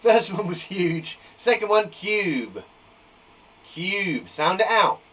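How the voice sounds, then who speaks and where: A man gives a live phonics lesson to young children from a garden shed classroom, stretching out each sound slowly and praising often. His voice rises and falls a lot and sits fairly high for a man. He is sometimes a little off the mic. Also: lively intonation, a bit bright, recorded from a distance, rough recording. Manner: upbeat, encouraging, slow deliberate sounding-out of words. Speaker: primary school teacher.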